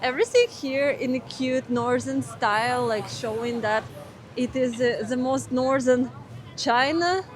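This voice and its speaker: A young Russian travel vlogger speaks a little slowly in a high voice, chatting casually in a Russian accent as she marvels aloud and hunts for English words. She's outside in a snowy winter city, with a crowd and background music behind her.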